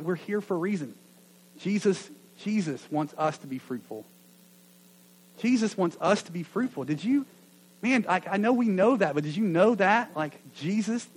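A man preaching a sermon to a gathering of churches, earnest and full of stammered restarts, rising loud then dropping to a near hush. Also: on the high side, breathy edge, low-quality recording. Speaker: pastor.

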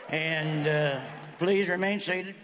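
A man's voice: on the high side, fairly even intonation, slow pace, a bit bright. A man performing a stand-up comedy routine, telling folksy stories with brash, punchy one-liners. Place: stage in a large venue. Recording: echoey hall with faint ambience.

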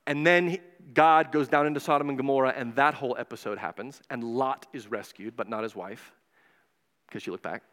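A man preaching a casual, animated sermon in a church, retelling stories and acting out the voices with quick asides. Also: mid-range voice. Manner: animated, digressive, acts out voices. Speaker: pastor. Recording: long hall reverb.

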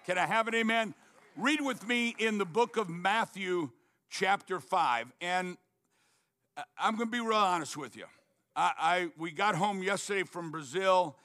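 Bright-voiced pastor telling a story. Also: male voice, high-pitched, measured pace. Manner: earnest storyteller with frequent restarts. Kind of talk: sermon storytelling.

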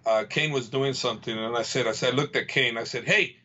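A man's voice: medium pitch, steady tone, fast talker, pushed and bright, muffled recording. A man, a fight coach, telling gym stories in a casual chat. He repeats himself and acts out what other people said. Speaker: fight coach and podcast guest.

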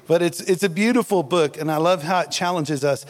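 Man, preacher, fairly high voice, chatty and jokey sermon, long hall reverb. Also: fairly quick. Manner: jokey, conversational, laughs at himself. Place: church hall.

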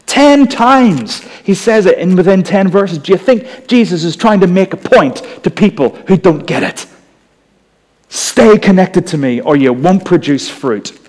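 A man with a softened Northern Irish accent preaching a sermon in a conversational way, with humorous asides. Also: sits high, lively intonation, measured pace, in a large hall. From Northern Ireland.

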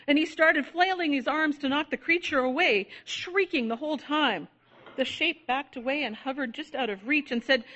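A woman gently reading a children's story aloud, narrating in a soothing manner. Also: high voice, moderate pace. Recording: dull lo-fi recording.

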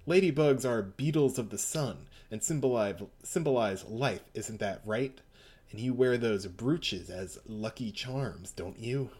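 A man voicing a calm, determined young gang leader who speaks low, quiet and earnest. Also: a little slow, slightly rough. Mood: resolute.

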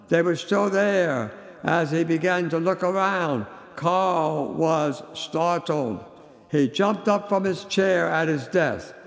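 Male preacher, gravelly and slow, telling a sermon story in a long reverb. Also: fairly high pitch. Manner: slow, emphatic, dramatic delivery. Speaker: radio preacher.

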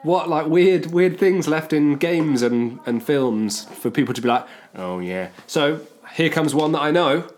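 A man's voice: fairly high pitch, a little slow, few pauses, darkish tone. A man co-hosting a podcast in casual comic chat, playful and prone to silly voices. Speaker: podcast co-host.

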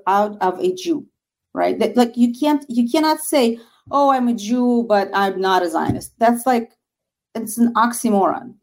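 A woman's voice: a little high, darkish tone. A woman with a Russian accent, a guest speaking earnestly and emphatically about her organization in an interview. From former Soviet Union. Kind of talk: interview conversation.

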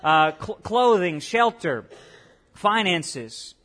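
A man's voice: high voice, sing-song, extremely slow, fairly bright tone. A male pastor preaching a conversational sermon, often repeating himself and putting questions to the congregation.

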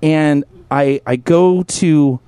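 A high-pitched middle-aged man hosts a talk show, telling a crude story with lots of swearing. He gets animated and breaks into loud shouted impressions. The sound is dry and close. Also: extremely slow, clean tone, dry recording. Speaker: radio show host.

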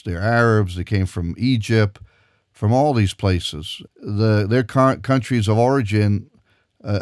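A man delivers an old-fashioned radio sermon in a fairly low voice, recorded dry and close. He preaches emphatically, doubling back on words and pushing his voice upward when he drives a point home. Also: darkish tone, no room sound. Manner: emphatic, repeats and restarts words, voice climbs when stressing a point. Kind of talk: old-time radio sermon with Bible reading.

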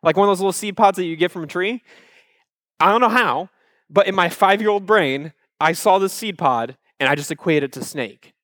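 Animated man telling a story. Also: high voice, fairly quick, no echo, studio quality. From Iowa, USA. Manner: animated, acts out his own childhood panic; conversational with frequent fillers, asides to the audience. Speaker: speaker addressing a live audience. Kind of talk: personal storytelling speech.

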